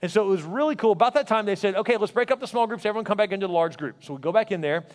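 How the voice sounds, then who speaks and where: A man in his forties preaching a sermon, animated as he tells a personal story and emphatic as he repeats his exhortations. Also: high voice, very fast, long reverb tail. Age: 40s. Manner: animated storytelling, acting out others' lines.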